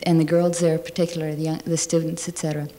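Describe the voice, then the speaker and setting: A woman's voice: deep voice, level tone, quick pace, warm tone. A woman architect on a discussion panel, stating her views firmly and emphatically. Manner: firm, emphatic statements.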